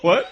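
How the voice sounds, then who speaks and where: A man co-hosting a casual podcast chat, sarcastic and sweary. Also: a bit bright. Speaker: podcast co-host.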